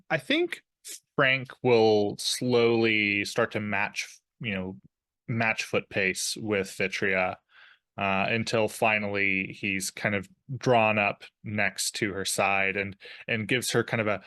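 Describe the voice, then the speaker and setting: A man playing a tabletop game, describing his character's actions in a hesitant, halting way. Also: on the low side, steady tone, pushed and bright, dry recording, studio quality. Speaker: player.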